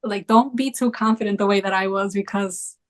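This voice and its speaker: A young woman in casual conversation, telling a travel story in a chatty, animated way with lots of fillers. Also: medium pitch, fairly quick. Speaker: travel creator.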